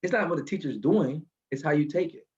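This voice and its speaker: A man telling a motivational story from his car, animated and building to a lesson, over a video call. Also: on the high side, a little fast, muffled recording. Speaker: guest speaker.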